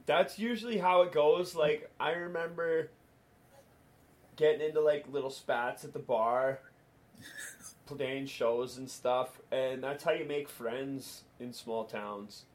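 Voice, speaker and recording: A man's voice: mid-range voice, slow pace. A man hosting a casual chat, joking crudely and laughing often.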